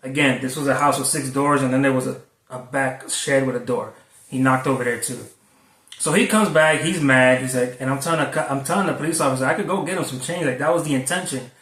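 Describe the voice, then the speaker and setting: A man's voice: medium pitch, fast, a bit bright, distant mic. A man, a food delivery driver, telling a story in a rambling, conversational way with frequent cursing. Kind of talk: casual storytelling vlog. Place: Florida. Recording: echoey, from away from the mic.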